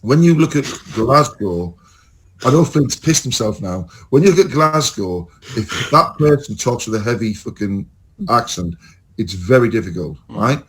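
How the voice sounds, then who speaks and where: English man, podcast co-host, casual sweary chat, rambling, mid pitch. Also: normal speed, slightly rough. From England. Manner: swearing, rambling, animated storytelling.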